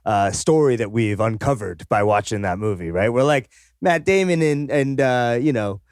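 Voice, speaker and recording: A man's voice: medium pitch, expressive, normal speed, a little mellow, no echo, studio quality. A man co-hosting a film podcast, chatting casually, rambling and swearing freely, often trailing off mid-sentence. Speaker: podcast co-host. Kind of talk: casual chat about a film.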